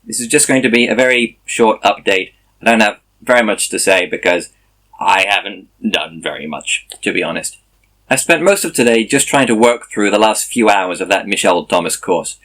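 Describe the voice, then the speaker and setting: Brief: tired male vlogger, low voice, chatty and self-correcting. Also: expressive, moderate pace, a bit bright. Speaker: language-learning vlogger. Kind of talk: casual video diary.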